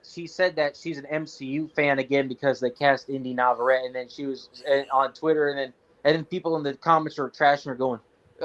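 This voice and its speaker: A man's voice: on the high side, no room sound. Man on dull lo-fi audio, blunt. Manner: apologetic hedging, blunt opinions. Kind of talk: casual profane chat.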